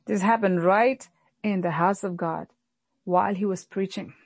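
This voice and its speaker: A woman pastor delivering an earnest sermon, slowing down and repeating lines for emphasis. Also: mid-range voice, vocal fry, breathy edge, dry recording. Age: adult, recalls childhood many years ago.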